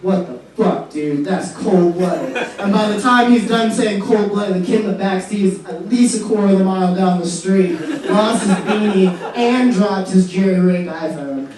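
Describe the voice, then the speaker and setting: A man telling a story in a stand-up set, bouncing into the voices of the people he quotes. His voice is high for a man. He is heard from afar in a very echoey room, with faint noise behind. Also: moderate pace, few pauses, distant mic, crowd noise. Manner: animated, acts out quotes. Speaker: stand-up comic.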